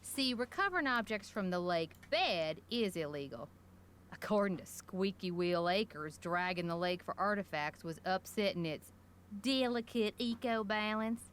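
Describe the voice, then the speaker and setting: A woman's voice: medium pitch, expressive, normal speed, slight background noise, lightly acted. An actress voicing a gossipy small-town shopkeeper woman in a video game, talking in a folksy rural drawl full of colorful slang. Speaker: general store owner.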